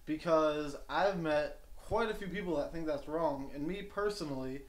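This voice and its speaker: A young man with a slightly higher voice talks earnestly and gets defensive fast. The room around him is echoey. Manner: earnest, defensive, quick to protest. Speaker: podcast co-host. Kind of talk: casual chat.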